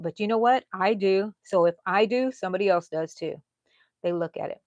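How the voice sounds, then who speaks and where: A woman of sixty with a Texan accent, hosting a live crochet stream in a casual, chatty way and dropping to low mutters and whispers as she counts stitches. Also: fairly quick, darkish tone, dry recording, highs cut off. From Texas. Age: 60s.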